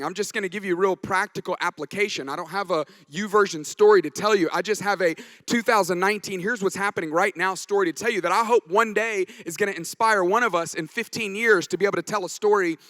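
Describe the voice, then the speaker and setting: A man's voice: high voice, a little fast, a bit bright, no echo. A man giving a conference talk as a pastor, telling stories with jokes along the way. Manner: anecdotal, joking storyteller. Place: conference stage.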